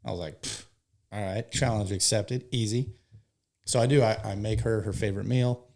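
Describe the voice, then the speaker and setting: American man, low gravelly voice, earnest and emotional, candid storytelling. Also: fairly even intonation, moderate pace, a little mellow. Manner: emotional, earnest, swears casually. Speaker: firefighter guest.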